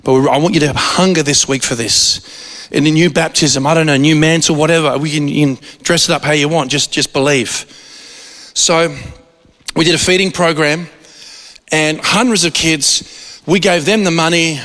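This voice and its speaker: A man preaches and tells a story from the pulpit. His voice sits fairly high, and he talks in an animated way, restarting phrases often. A long reverb from the hall trails behind his words. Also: normal speed. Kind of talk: sermon with storytelling.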